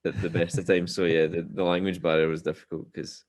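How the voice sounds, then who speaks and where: A Scottish man chatting as a podcast guest, telling relaxed, self-deprecating stories. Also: deep voice, brisk. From Scotland. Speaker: guest musician. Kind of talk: casual podcast chat.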